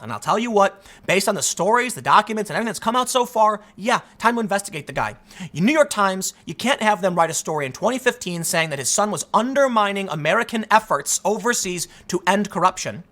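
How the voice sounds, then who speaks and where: A man's voice: sits high, expressive, fast, fairly bright tone. A man hosting a heated political commentary monologue, emphatic and indignant, often repeating words as he restarts. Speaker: political commentator, show host.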